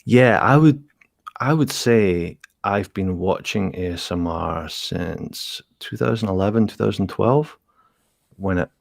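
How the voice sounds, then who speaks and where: A man's voice: low-pitched, a little slow, creaky, dry recording, studio quality. A man with a Scottish accent, a guest ASMR creator chatting casually and explaining things with examples. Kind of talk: casual chat.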